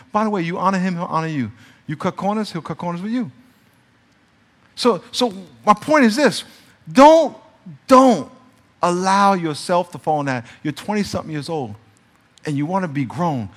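A man's voice: high voice, expressive, a little fast. Man preaching in a reverberant church. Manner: conversational preaching, swings between soft and emphatic. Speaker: pastor. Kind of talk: sermon. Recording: reverberant church hall sound.

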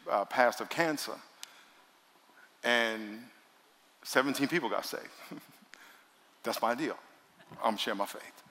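High-pitched emphatic preacher in a big hall. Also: male voice. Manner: emphatic, repeats lines for stress, swings from loud to quiet. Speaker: pastor. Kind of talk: sermon. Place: large church. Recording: long hall reverb in a large church.

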